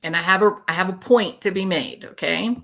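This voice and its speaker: A woman's voice: fairly low pitch, fairly quick, gravelly, pushed and bright. A woman hosting true crime commentary, talking casually to her viewers and speculating aloud with rhetorical questions.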